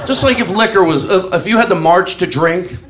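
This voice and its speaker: A man's voice: high-pitched, animated, brisk, fairly bright tone. A middle-aged man doing a rambling stand-up comedy routine, chuckling through his own stories with lots of fillers. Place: comedy club stage. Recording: live club recording with room noise.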